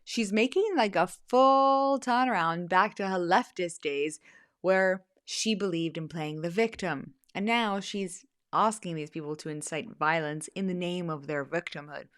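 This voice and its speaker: A woman's voice: lowish voice, measured pace. A woman hosting casual political commentary, sarcastic with mocking asides, reading excerpts aloud. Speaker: host.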